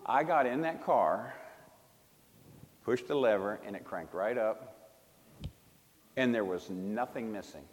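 A man preaching a personal testimony in sermon style, emphatic and swinging between loud bursts and hushed tones. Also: fairly low pitch, takes it slowly, long pauses, in a large hall, slight background noise. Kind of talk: sermon storytelling.

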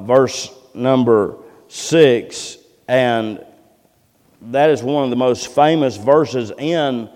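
Slow-preaching pastor in a reverberant church. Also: male voice, mid-range voice, darkish tone. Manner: reads scripture with slow rising emphasis. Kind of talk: sermon. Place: church sanctuary.

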